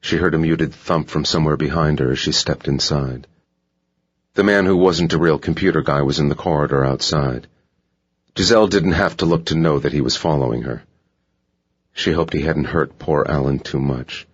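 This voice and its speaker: Very deep, husky male narrator. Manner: steady, measured reading. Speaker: audiobook narrator. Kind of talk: scripted thriller narration. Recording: dull lo-fi audiobook recording.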